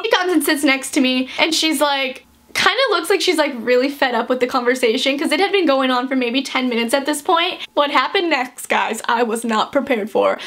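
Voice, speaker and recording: A young woman tells a storytime vlog in a chatty, animated way, with lots of fillers. Her voice sits high and sounds bright and crisp. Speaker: vlogger.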